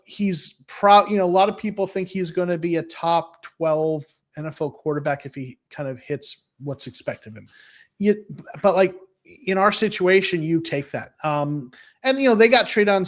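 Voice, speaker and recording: A man talking as a football fan guest, rambling with lots of restarts and fillers. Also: fairly high pitch. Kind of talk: casual podcast chat.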